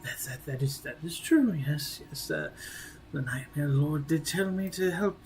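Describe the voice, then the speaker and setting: A man's voice: medium pitch, moderate pace, darkish tone, lightly acted. A man voicing an old undead elf lich who stammers and mumbles in a half whisper, his mind scattered. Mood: muddled.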